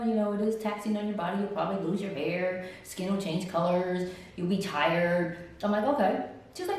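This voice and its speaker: A woman telling her own story in a casual, animated way, often acting out what others said in a high voice. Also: fast talker. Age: older. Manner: animated, acts out other people's lines in a high voice. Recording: roomy echo, distant from mic.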